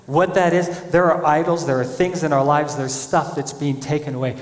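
A man preaching a sermon as pastor, animated, acting out quoted voices as he speaks. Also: on the high side, moderate pace. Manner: animated, acts out quotes of God and people. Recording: echoey church hall.

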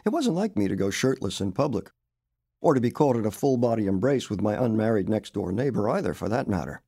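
A man narrating his own literary story aloud, expressive and wry. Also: fairly low pitch, a little fast, creaky, slightly rough, dry recording, clean studio sound. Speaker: author reading his story.

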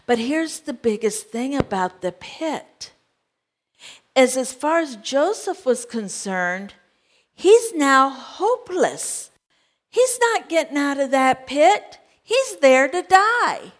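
A woman's voice: high voice, big pitch swings, slow. A woman preaching a sermon, telling a scripture story with drama and asking the congregation direct questions.

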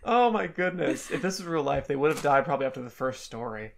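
A woman's voice: sits low, expressive, fast, gravelly, a little hiss or hum. A woman co-hosting a podcast, chatting casually and animatedly, laughing often. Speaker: podcast co-host. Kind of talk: casual chat.

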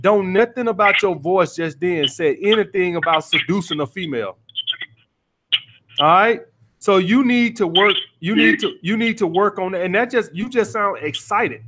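A man's voice: high-pitched, moderate pace, noisy background. A man hosting a call-in dating advice podcast, blunt and profane, repeating his points as he coaches a caller.

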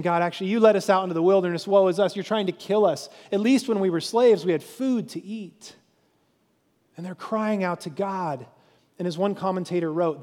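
A pastor preaching a sermon, telling the story with animated crowd voices. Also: male voice, high voice, in a large hall.

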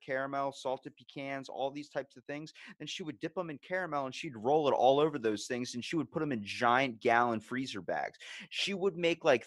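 A male podcast host in loose, casual conversation, telling lively stories and slipping into the voices of the people he quotes. His voice sits at an ordinary middle pitch. He talks into a close mic in a dead, dry room with no echo. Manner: animated storyteller who acts out quoted people, swears casually. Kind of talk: casual chat.

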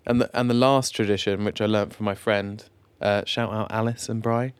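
A man's voice: fairly low pitch, fairly even intonation, moderate pace, clear, resonant tone. A man with an English accent co-hosting a podcast, chatting casually with many fillers and restarts. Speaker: podcast co-host. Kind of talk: casual chat.

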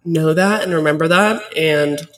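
A woman's voice: low-pitched, a little slow. Twenties woman, solo podcast host, teary and choked up, chatty filler-heavy ramble, slightly distant mic. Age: 20s. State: tearful, choked up. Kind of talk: casual solo podcast talk.

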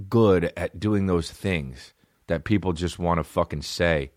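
A man hosting a solo comedy podcast, rambling and swearing as he riffs, bursting into quick mock voices. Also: low voice, dry recording, clean studio sound. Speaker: podcast host. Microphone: phone.

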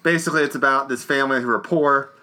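A man co-hosting a casual podcast, recapping movies in a rambling way, full of "like" and frequent throat-clearing. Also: mid-range voice, steady tone, quick pace, sharp tone. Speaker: podcast co-host. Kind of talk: casual movie review chat.

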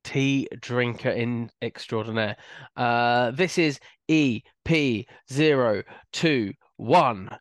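A man's voice: mid-range voice, takes it slowly, no room sound. A man in his forties co-hosting a podcast, rambling and self-mocking in casual chat. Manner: rambling, self-deprecating, trails off. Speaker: podcast co-host.

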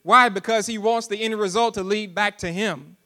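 A man preaching a sermon as pastor, repeating lines with rising emphatic calls and dropping low and soft between them. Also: steady tone, moderate pace.

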